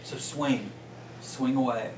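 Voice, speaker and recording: Brief: upbeat male business coach, mid-pitched, pitching a small meeting room, picked up from across an echoey space with faint hiss. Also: slow pace. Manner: energetic, peppers points with "right?". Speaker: business coach and guest speaker. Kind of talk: motivational talk to a small group. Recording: roomy distant sound with faint noise.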